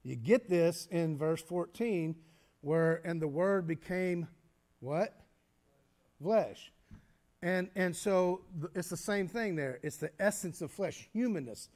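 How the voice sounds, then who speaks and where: A man teaching a church Bible study, explaining step by step, posing questions and answering them himself, with frequent halting restarts. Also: fairly high pitch, darkish tone. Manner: halting restarts, clears throat.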